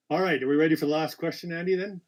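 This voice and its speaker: A man hosting a live-stream quiz, reading out questions with chatty, apologetic asides and frequent self-corrections. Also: a little high. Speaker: quiz host.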